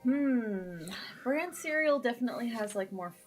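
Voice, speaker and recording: A woman's voice: a little high, animated, measured pace, soft background music. A woman chatting casually at home, with teasing, matter-of-fact banter. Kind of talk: casual chat.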